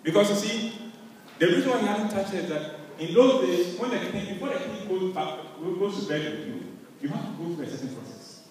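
Animated preaching man in an echoey hall. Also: sits high, fairly quick, recorded from a distance, a little hiss or hum. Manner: animated storyteller addressing the crowd directly. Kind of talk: sermon retelling a Bible story. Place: large hall on a campus.

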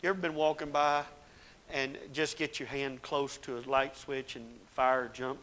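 A middle-aged man preaches in a church, his voice sitting at an ordinary pitch. He moves between homespun storytelling and loud, fervent calls to his congregation. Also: flat delivery, moderate pace, a little hiss or hum, poor audio. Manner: folksy storytelling with Southern grammar, rising to fervent loud exhortation. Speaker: pastor. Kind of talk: sermon. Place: church sanctuary.

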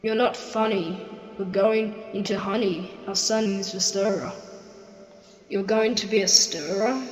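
Animated film dialogue remixed with heavy autotune and sung to a melody. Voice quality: pitch-corrected, sing-song melody. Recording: roomy echo with long reverb. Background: faint music.

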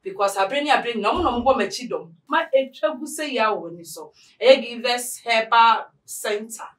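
A woman's voice: fairly high pitch, lively intonation, brisk, reverberant, far from the mic, rough recording. A Ghanaian woman hosting a talk show, chatty and mixing English phrases into her talk. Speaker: show host.

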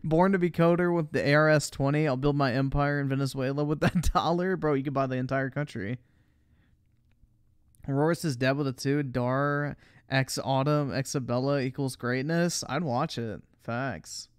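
A man's voice: medium pitch, fairly even intonation, normal speed, smooth, no echo. Young guy streamer reacting, swearing nonstop, dry close mic. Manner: crude, profane, laughing, mocking. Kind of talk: casual reaction commentary.

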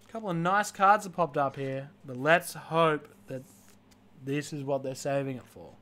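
A man's voice: on the high side, normal speed, a bit bright. A man hosting a live card-breaking stream, listing player names one after another and dropping joking asides.

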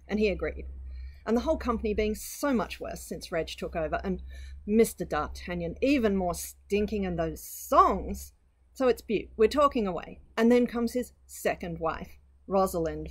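A woman reads a short story aloud, voicing its terse diary entries with lively expression. Her voice sits at an ordinary middle pitch. A clear hiss and occasional clicks run under the recording. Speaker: reader.

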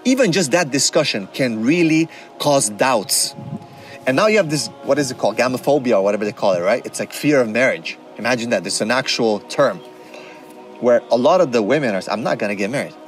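A man speaking in a relaxed, conversational way about faith and family, his voice sitting at an ordinary middle pitch. He keeps checking in with his listeners and drops in religious terms as he goes. Music plays clearly underneath him. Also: a little fast. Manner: conversational, often asks "right?", mixes Arabic terms. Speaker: Islamic speaker and counselor. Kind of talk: casual religious talk.

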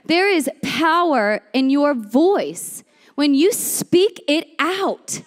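A young woman giving a chatty, animated sermon, telling a story and acting out the voices in it. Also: high-pitched, very slow, big-room sound. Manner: lively, chatty, acts out voices in her story. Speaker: speaker at a women's church series.

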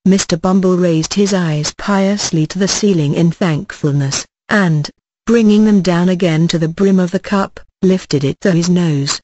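An audiobook narrator reading a classic novel in a measured, even storytelling manner. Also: mid-range voice, no room sound, low-quality recording.

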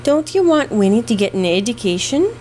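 A woman's voice: a little high, big pitch swings, fairly quick, darkish tone, a little hiss or hum, poor audio. A woman voicing a fond, scolding old housekeeper with an Irish brogue, read in a storybook. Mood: coaxing.

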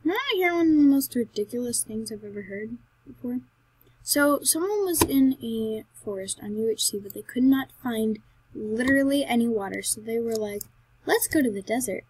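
A woman with a husky voice narrates her Minecraft let's play at a moderate pace on a low-quality recording. She's excitable and chatty, breaking into sudden loud, high outbursts and talking both to herself and to the animals in the game as she gives gameplay commentary.

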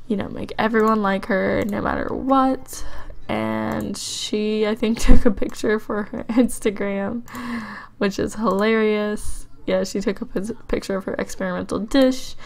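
A woman's voice: mid-range voice, vocal fry. A woman giving casual gameplay commentary as a let's play host, chatty and musing aloud with frequent ums and likes.

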